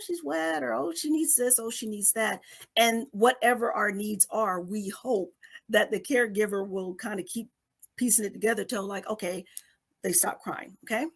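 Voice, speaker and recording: Middle-aged woman explaining like a teacher. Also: medium pitch. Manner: teacherly, checks in with repeated "okay?"; briefly acts out babies and parents. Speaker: guest coach. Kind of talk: explanatory interview talk.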